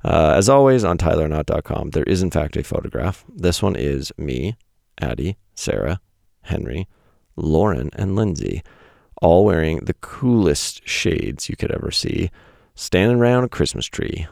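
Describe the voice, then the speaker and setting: A podcast host in his thirties reads his weekly essay aloud in a very deep, gravelly voice that is a little mellow, with lively intonation and a measured pace. His delivery is casual, wry and self-deprecating, with blunt asides. The recording is clean studio sound with no room echo.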